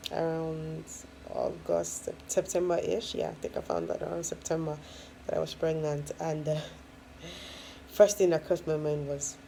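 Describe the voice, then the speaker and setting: A woman's voice: deep voice, dark tone, a little hiss or hum, low-quality recording. A woman, a first-time mom, casually telling her own story with lots of fillers and frequent laughs. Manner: chatty, many fillers, laughs often.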